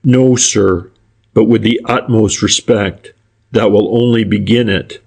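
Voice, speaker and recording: A sly, furtive private detective, polite and deferential to a fault, who circles his point instead of making it, as a male audiobook narrator reads him. His voice sits low. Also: fairly even intonation, measured pace, creaky, a little mellow, slightly rough, full character voice. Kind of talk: audiobook character reading.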